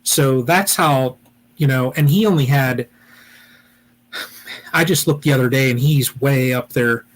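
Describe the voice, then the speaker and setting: A man's voice: mid-range voice, a little slow, long pauses. A man from Ohio hosting a weekly beekeeping live chat, rambling casually with lots of "you know" and restarts.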